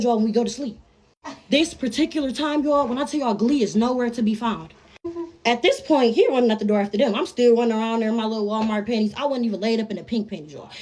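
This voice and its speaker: A woman's voice: a little high, fast, warm tone, slight background noise. A woman telling a personal story to her viewers in a brash, profane, casual way, constantly calling out to them as y'all.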